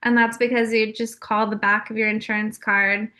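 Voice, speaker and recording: Bright-voiced young woman, candid storytelling. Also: fairly high pitch, flat delivery, normal speed. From California. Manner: open and confessional, frequent fillers. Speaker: podcast guest.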